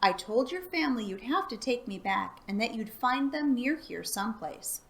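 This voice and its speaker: A woman voicing a brave, clever young boy adventurer in a storybook read-aloud, hushed and earnest. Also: on the high side, expressive, normal speed, creaky. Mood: hushed planning.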